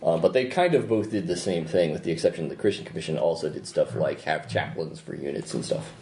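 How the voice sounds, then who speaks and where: Game master, male, lively storyteller with a mellow voice, echoey room. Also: sits low, a little fast, vocal fry. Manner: lively storytelling with hesitant asides. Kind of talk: narrating a tabletop game. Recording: echoey room, faint noise.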